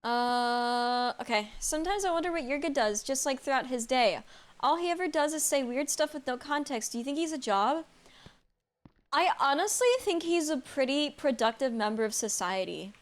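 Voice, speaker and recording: A woman's voice: high voice, lively intonation, moderate pace. A woman live-streaming a game from home into a desk mic, chatting casually, reacting aloud, answering chat and laughing often. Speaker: streamer playing a horror game.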